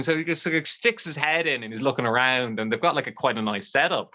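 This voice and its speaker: An Irish storyteller spinning a bawdy comic tale in a loose, chatty way. The voice is bright and forward, and the livestream audio is a little dull. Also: mid-range voice, quick pace. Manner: bawdy, lively and conversational.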